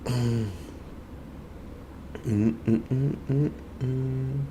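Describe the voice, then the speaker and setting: A man's voice: mid-range voice, fairly even intonation, extremely slow, noisy background. A British man from the UK streaming a fishing game, chatting casually and answering viewer comments as he plays. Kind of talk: casual live-stream chat.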